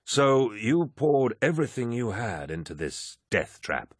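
Blunt male captain, deep and dry, in an audiobook, read by a man. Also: big pitch swings, measured pace, a bit bright, no room sound, exaggerated voice.

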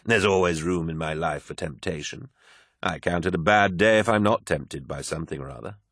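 Narrator doing a gloomy male poet, sarcastic, low husky voice, dry sound. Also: a little fast, fairly bright tone, no room sound. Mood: wry. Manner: sarcastic, argumentative.

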